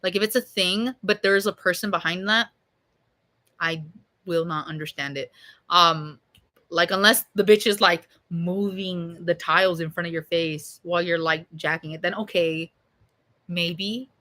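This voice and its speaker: Bright-voiced young woman rambling to chat. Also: lowish voice, steady tone, unhurried. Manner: rambling, swears a lot, lots of fillers. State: slightly hoarse, recovering from being sick. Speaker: streamer answering chat.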